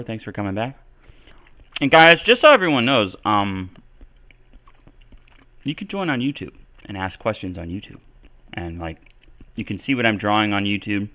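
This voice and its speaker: A man from Texas, an English teacher, answers English questions on a live stream in a forceful, bright voice on the low side. He speaks casually and thinks aloud, with lots of fillers.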